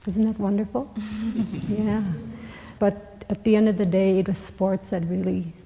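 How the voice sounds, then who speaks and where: A woman on a panel telling a personal story, asking rhetorical questions with a gentle humor. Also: medium pitch, level tone, measured pace. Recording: reverberant hall.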